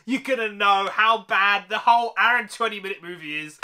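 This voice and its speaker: A British man reviewing a movie on his vlog in a casual, slangy rant. His voice sits very high for a man and sounds sharp and bright. He keeps laughing at the film's flaws. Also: a little fast, smooth. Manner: animated, slangy, laughing at the film.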